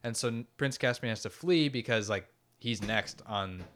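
A man in a casual book discussion, reading a passage aloud and reflecting on it thoughtfully, with halting fillers. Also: medium pitch, fairly bright tone.

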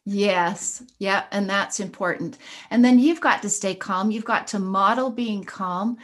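A middle-aged woman speaks in an earnest, encouraging tone, recounting a family story. Her voice sits at an ordinary pitch for a woman, and she talks plainly, as in a relaxed podcast chat between school counselors. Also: a little slow. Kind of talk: casual podcast conversation.

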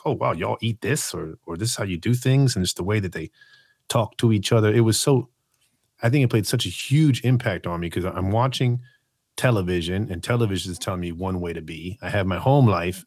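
Animated man telling stories on a podcast. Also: on the low side, no room sound, studio quality. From Puerto Rican family in America. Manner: animated storytelling, voices his childhood reactions. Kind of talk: casual podcast conversation.

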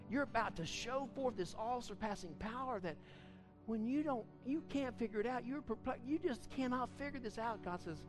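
A man preaching a sermon at a church service, fervent, swinging between loud outbursts and quiet storytelling. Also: high voice, expressive, quick pace, faint music behind. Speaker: pastor.

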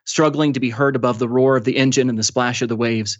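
Man narrating in a steady, measured tone. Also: mid-range voice, no echo, dull audio. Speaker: author reading his book. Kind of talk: read-aloud narration.

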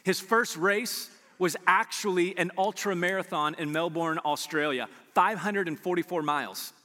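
A man preaching a sermon as pastor, animated and acting out his listeners' replies. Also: high voice, normal speed, in a large hall.

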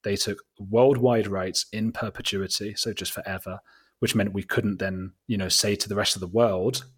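Husky Englishman telling a story. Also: on the low side, normal speed. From England. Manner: animated, self-deprecating, many fillers and quoted asides. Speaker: documentary filmmaker, guest. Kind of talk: casual interview storytelling.

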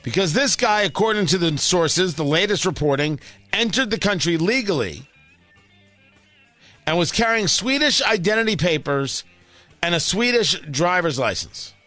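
A man's voice: high-pitched, animated, normal speed, sharp tone, dry recording, faint music behind. A man hosting a talk radio show, delivering a blunt, opinionated monologue with sarcastic asides from a studio mic.

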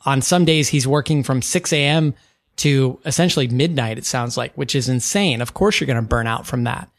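A man co-hosting a podcast in casual chat, thoughtful and measured, with frequent ums. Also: mid-range voice, no echo, studio quality. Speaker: podcast co-host.

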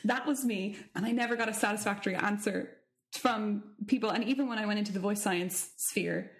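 A woman singing teacher in casual chat, animated and curious, with quick asides. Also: mid-range voice.

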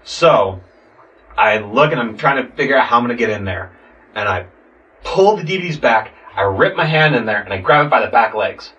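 A young man casually telling a story, animated, acting out voices and swearing a lot. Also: mid-range voice, brisk, highs cut off. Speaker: podcast guest telling a story. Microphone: sitting far from the mic. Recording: distant mic in a room.

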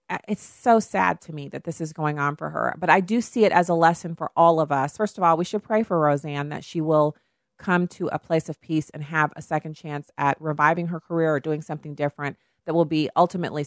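A woman hosting a talk radio show, speaking in an animated way and mimicking other people in quoted asides. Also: on the low side, no echo, studio quality. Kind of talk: conservative talk radio commentary.

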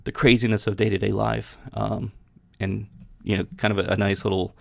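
On his podcast, a man reads scripture aloud and then chats about it, with lots of restarts. The voice is lowish and gravelly with little pitch movement, at a moderate pace, on a dry recording.

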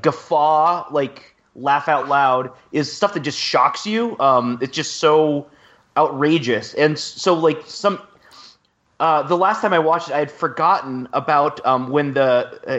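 A man's voice: on the high side, fairly bright tone, lo-fi sound. A man co-hosting a podcast in casual chat, peppering his talk with "like" and "um". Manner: filler-heavy, with many "like"s. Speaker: podcast co-host.

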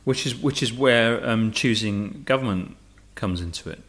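Low-voiced man hosting. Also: moderate pace, a bit bright. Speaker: podcast host. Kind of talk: casual political discussion.

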